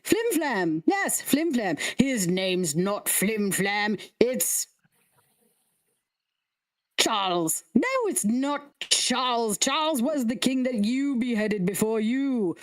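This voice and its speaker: A woman doing squabbling high frog-man heads. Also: animated, slow. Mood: scatterbrained. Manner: squabbling, snippy, mocking. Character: bickering frog-folk heads on sticks, male, petty, rude.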